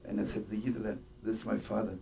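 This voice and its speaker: A man's voice: monotone, fast talker, vocal fry. A man telling a story as a sermon, full of Yiddish words and laughter. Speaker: rabbi and storyteller. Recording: distant dull lo-fi recording with faint rumble.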